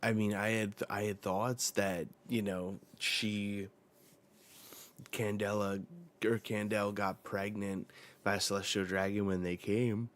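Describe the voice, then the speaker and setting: A man hosting a casual live reaction while reading a manga chapter aloud. He talks in a relaxed, rambling way with many fillers. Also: fairly low pitch, takes it slowly.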